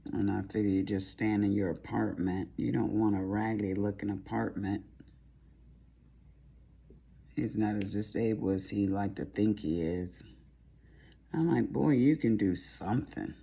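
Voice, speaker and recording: A middle-aged Southern woman rambles on in easy, folksy chat as she works at her craft. Her voice is gravelly and husky, with a dark, mellow tone. She drifts from one aside to the next in a relaxed, homey way. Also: very deep voice. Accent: Southern American. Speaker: crafting vlogger. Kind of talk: casual chat while diamond painting.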